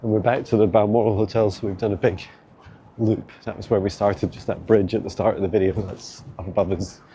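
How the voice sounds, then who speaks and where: A man's voice: lowish voice, steady tone, a little fast, mellow, slight background noise. A man rambling casually while walking outdoors through city streets, filming on a handheld phone, chatty and laughing often. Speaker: vlog host. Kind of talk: walking tour vlog.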